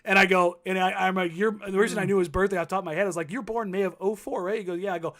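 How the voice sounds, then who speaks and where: A man's voice: sits high, fairly even intonation, rapid-fire, fairly bright tone. A man in his thirties, co-hosting a casual sports talk show, telling stories with many fillers and restarts. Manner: rambling, filler-heavy storytelling. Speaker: co-host.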